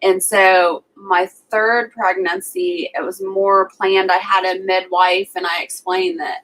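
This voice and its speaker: A woman's voice: mid-range voice, level tone, slow, fairly bright tone, low-quality recording. A young woman co-hosting a livestream, chatting casually and telling personal stories with lots of "like" fillers. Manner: chatty storytelling, frequent "like" fillers. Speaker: livestream co-host. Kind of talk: casual chat.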